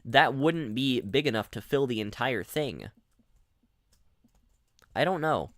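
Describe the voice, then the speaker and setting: A young male streamer talks through his gameplay in a loose, rambling way, full of restarts and asides to his chat. His voice is bright and swings widely in pitch. The sound is dry, with no room around it. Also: animated, takes it slowly, dry recording. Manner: rambling, chatty, many restarts; reads out chat messages. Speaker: gaming streamer. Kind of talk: casual gameplay commentary.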